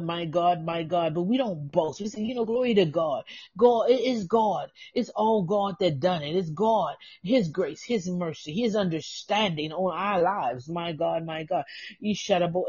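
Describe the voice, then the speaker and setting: A woman's voice: fairly low pitch, moderate pace, mellow, slightly rough, dry recording. A woman pastor preaching a fervent, emotional sermon, tearful, crying out praise and breaking into tongues. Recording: dull lo-fi dry recording.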